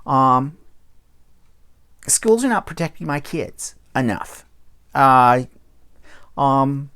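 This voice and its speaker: Whiny self-pitying complainer, man doing a put-on voice, lively sing-song whine. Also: medium pitch, drawn-out words, clear, resonant tone, full character voice. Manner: nasal whining complaint.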